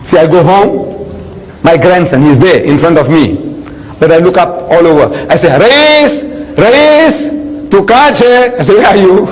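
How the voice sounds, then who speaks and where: An older man giving a lecture to an audience, an animated storyteller who acts out scenes and fires rhetorical questions at his listeners. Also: on the high side, moderate pace, in a large hall, low-quality recording. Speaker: public speaker on religion.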